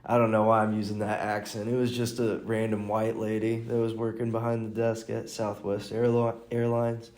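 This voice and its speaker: A man's voice: lowish voice, monotone, normal speed, few pauses, darkish tone. A man hosting a casual solo podcast, rambling through stories, restarting his sentences and chuckling. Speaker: podcast host and stand-up comic. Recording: roomy echo.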